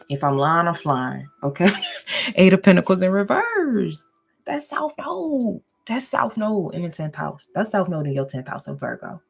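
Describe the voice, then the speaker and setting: With a low, husky voice and vocal fry, a woman gives a casual, goofy tarot and astrology reading. She laughs often and speaks straight to her listeners, checking in with "okay?"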